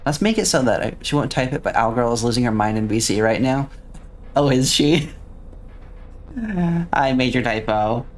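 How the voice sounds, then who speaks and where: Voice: mid-range voice, moderate pace, long pauses, a little hiss or hum. A streamer in a casual let's-play, chatting along and reading and answering viewers' messages aloud.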